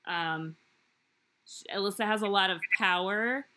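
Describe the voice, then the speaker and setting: A woman's voice: mid-range voice, a little slow, bright, forceful tone. A young woman hosting a podcast, chatting casually with lots of fillers and giggles. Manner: rambling, giggly, many fillers. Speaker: podcast host.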